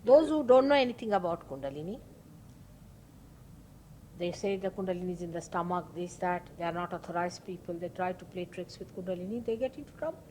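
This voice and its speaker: A woman's voice: fairly low pitch, expressive, a little fast, dark tone, a little hiss or hum, rough recording. A woman, a spiritual teacher, giving an informal talk, telling a story emphatically and acting out the voices of the people in it. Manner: storytelling, acts out quoted dialogue; emphatic, repeats key words.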